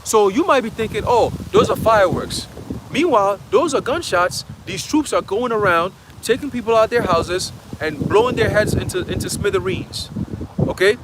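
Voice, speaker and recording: A man's voice: high voice, lively intonation, normal speed, background noise. A man preaching a dramatic, slangy sermon outdoors in a city, often checking in with his listeners. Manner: emphatic, checks in with "okay?". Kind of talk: street sermon.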